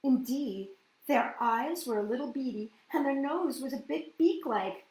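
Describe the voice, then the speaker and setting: A woman hosting a children's story reading, gentle and sing-song, often asking her listeners questions. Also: high-pitched, lively intonation, normal speed. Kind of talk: children's storybook read-aloud. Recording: roomy echoey room.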